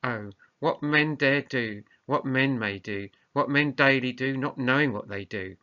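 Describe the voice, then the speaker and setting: A man's voice: medium pitch, measured pace, bright, forceful tone. A man reading the part of a young nobleman who bitterly shames his bride, read aloud from a play script. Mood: accusing. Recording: muffled lo-fi recording.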